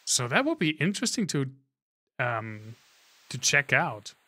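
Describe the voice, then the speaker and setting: A man's voice: medium pitch, big pitch swings, a little slow, sharp tone, husky. A man streaming a video game, talking casually and thinking aloud, often trailing off and restarting his sentences. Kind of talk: live-stream gameplay commentary.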